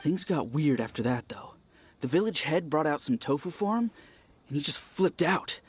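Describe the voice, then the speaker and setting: A friendly young villager, played by a man who talks with an animated, swinging delivery in a slightly higher voice. Eager and gossipy, he loves telling a story. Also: moderate pace, slight background noise, close to an everyday voice. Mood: chatty. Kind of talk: video game voice acting.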